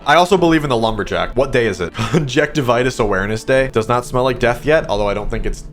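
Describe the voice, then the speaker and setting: A man's voice: mid-range voice, lively intonation, fast talker, faint music behind. A man giving joking, crude, slang-filled commentary while playing a game. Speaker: streamer. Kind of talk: gameplay commentary.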